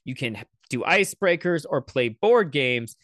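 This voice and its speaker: A man's voice: medium pitch, expressive, measured pace, fairly bright tone, no room sound, clean studio sound. A man hosting a casual reaction commentary, rambling and sarcastic with lots of swearing. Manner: profane, rambling, sarcastic asides. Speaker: commentary host.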